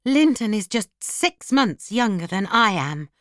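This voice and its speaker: A woman voicing a spoiled, excitable teenage girl of a grand house, with high, loud, haughty outbursts. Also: unhurried, no echo, clean studio sound. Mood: excited.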